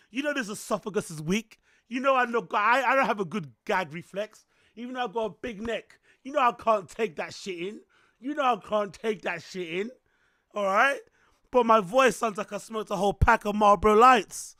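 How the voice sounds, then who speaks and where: A male streamer host, chatting casually and playfully with his stream chat. His voice is hoarse and rough, like a smoker's. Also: high-pitched, no room sound, clean studio sound. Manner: loud playful banter with chat.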